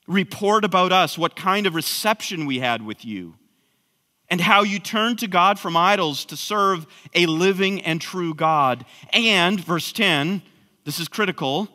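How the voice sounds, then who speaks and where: A man's voice: high-pitched, pushed and bright. A man preaching an expository sermon, emphatic, with frequent restarts. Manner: emphatic, repeats words when restarting. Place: church sanctuary. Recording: long hall reverb.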